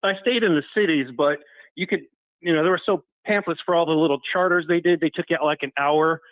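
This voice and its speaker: A man's voice: on the high side, steady tone, a little fast. A man calling into a podcast, chatting in a laid-back, rambling way. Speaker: caller. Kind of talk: casual chat. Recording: tinny phone line.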